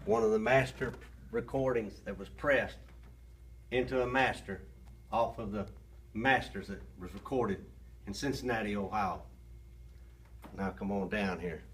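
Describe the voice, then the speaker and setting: Slow-talking man in a studio. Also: on the low side, husky. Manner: slow, earnest, reverent talk. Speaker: singer-songwriter. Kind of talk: casual spoken intro to camera. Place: indoor recording studio. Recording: loud piano music in the studio.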